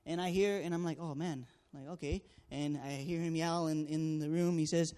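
With a smooth, dark voice that sits a little high for a man, a student canvasser gives his testimony at a moderate pace with fairly even intonation. He tells it earnestly, like a story, acting out each exchange and using plenty of fillers.

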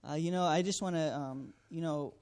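A man's voice: fairly high pitch, normal speed, a little mellow. Earnest man telling a testimony. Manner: earnest storytelling, acts out dialogue, frequent fillers. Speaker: student canvasser sharing a testimony. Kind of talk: personal testimony.

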